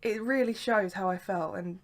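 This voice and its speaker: A woman's voice: mid-range voice, moderate pace. A young woman talks straight to camera in a casual vlog. She rambles freely, piling up "sort of" and "like" as she goes. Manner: chatty and rambling, lots of "sort of" and "like". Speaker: vlogger. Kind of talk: casual chat.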